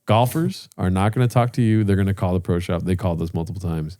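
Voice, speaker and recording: A man chats casually on a podcast. He tells rambling, profane anecdotes and jumps into quick impressions of the people he met. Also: low-pitched, mellow. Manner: loose, profane, acts out voices in his stories. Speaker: podcast co-host. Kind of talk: casual storytelling chat.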